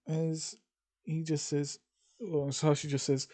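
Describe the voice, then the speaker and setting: A man's voice: fairly high pitch, level tone, measured pace, mellow. A man casually narrating a fan-fiction story, with rambling informal asides.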